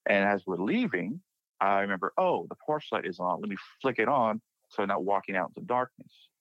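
A young man from Texas, a podcast guest, casually retelling a personal paranormal experience and acting out his friends' panicked lines with lively shifts. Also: on the low side, fairly quick, no echo. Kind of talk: casual spoken storytelling. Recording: dry, dull lo-fi podcast mic.

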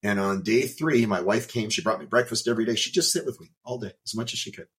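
A man, a podcast guest, telling a personal story in an emphatic, animated way, with some swearing. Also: fairly low pitch, quick pace. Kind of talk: storytelling in an interview.

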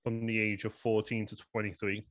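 A man's voice: on the low side, monotone, brisk, fairly bright tone. A man in his thirties with a Liverpool accent, earnestly telling a personal story in a rambling way, full of "you know" fillers. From England. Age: 30s. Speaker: guest.

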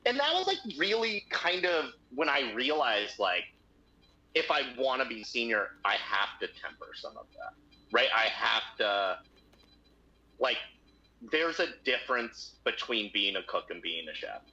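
A man in his thirties chatting casually on a podcast, telling profane, animated anecdotes with quoted voices. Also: medium pitch, measured pace. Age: 30s. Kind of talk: casual chat, storytelling. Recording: dull lo-fi audio.

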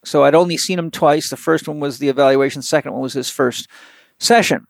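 Gravelly man spinning an animated yarn. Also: on the high side, fairly quick, no room sound. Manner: animated, rambling anecdotes with many fillers. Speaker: physical therapist. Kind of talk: storytelling in an interview.

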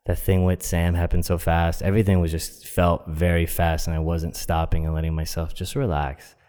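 A man's voice: sits low, flat delivery, moderate pace, mellow, clear, resonant tone. A man telling a personal story in a casual, rambling way, with lots of fillers. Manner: rambling, many fillers, acts out quoted voices. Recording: long echoey reverb.

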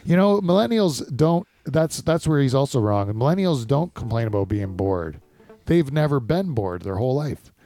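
A man's voice: medium pitch, big pitch swings, moderate pace, mellow, no room sound. A middle-aged man hosting a casual podcast, rambling and swearing in mock rants. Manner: rambling, profane, mock-ranting. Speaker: podcast host.

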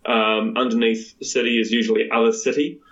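A man's voice: mid-range voice, level tone, a little fast, fairly bright tone, muffled recording. A man playing a tabletop game, talking casually and hesitantly with many ums. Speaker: player. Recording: roomy echo.

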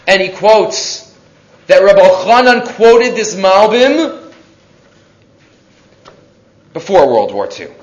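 A man giving a weekly Torah lesson, telling stories in a lively way and acting out the voices of the people in them. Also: sits high. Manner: animated storyteller who acts out quoted voices. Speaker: Torah class teacher. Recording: echoey room, dull lo-fi sound.

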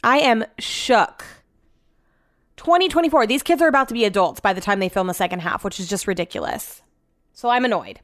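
A young woman rambles to her viewers in a loose, chatty way, peppering everything with filler words and the odd swear. Her voice sits at an ordinary middle pitch. The sound is dry and close, with no room around it. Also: very animated, fairly quick, a bit bright, dry recording. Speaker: vlogger. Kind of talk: casual chat to viewers.

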